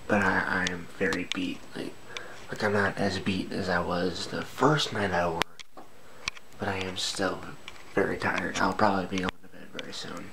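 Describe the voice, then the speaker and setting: A man vlogging late at night at home, keeping his voice hushed and half-whispered so he won't wake the people sleeping nearby. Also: sits low, noisy background. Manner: hushed, half-whispered to avoid waking others. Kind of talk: quiet late-night vlog talk.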